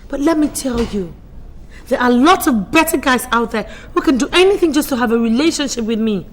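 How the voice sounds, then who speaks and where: A woman's voice: fairly high pitch, expressive, fairly quick. An actress with a Nigerian accent playing a proud, hot-tempered young woman in a film drama. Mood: cold. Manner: haughty, sharp-tongued.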